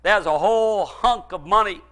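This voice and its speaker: A male pastor preaching a fervent sermon, dropping to low asides and then shouting pleas, with chuckles between lines. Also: moderate pace.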